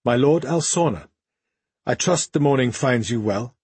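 A man voicing a proud young queen who speaks formally and regally in a husky voice. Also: mid-range voice, moderate pace, dry recording. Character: proud young queen, wounded but defiant.

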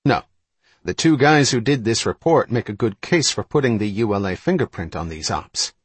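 A man reading the part of a sharp, probing male intelligence analyst who presses his argument hard in an audiobook. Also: on the low side, animated, moderate pace, breathy edge, no room sound. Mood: insistent.

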